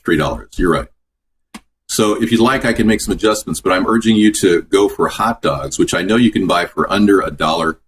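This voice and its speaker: A man's voice: sits low, a little hiss or hum. A man hosting a casual cooking show from his home kitchen, chatting and answering viewer comments as he goes. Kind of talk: casual live-stream cooking chat.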